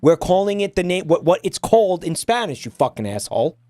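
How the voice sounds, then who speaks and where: A man's voice: sits high, sing-song, brisk, warm tone, dry recording. A man streaming and ranting at his chat, exasperated and swearing often. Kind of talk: casual stream rant.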